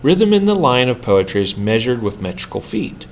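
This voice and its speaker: A man teaching a poetry workshop in a measured, explanatory lecture style, with an occasional slip. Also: mid-range voice, sing-song. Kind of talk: scripted lecture narration.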